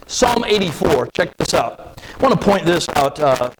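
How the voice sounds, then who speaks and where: A man preaching a sermon, reading scripture and talking in an animated, conversational way with sudden jumps in pitch. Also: normal speed, very noisy. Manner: animated, with emphatic leaps in pitch; conversational asides and restarts.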